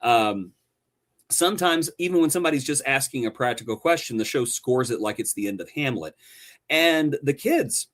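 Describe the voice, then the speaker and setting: A male podcast co-host reviews a show in an animated, sarcastic way. His pitch moves widely, and his delivery turns theatrical for effect.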